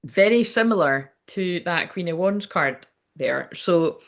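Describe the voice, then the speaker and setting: A woman's voice: fairly low pitch, lively intonation, measured pace. A woman working as a psychic medium, giving a live-streamed spiritual reading in a chatty, rambling, sweary way while hiccuping now and then.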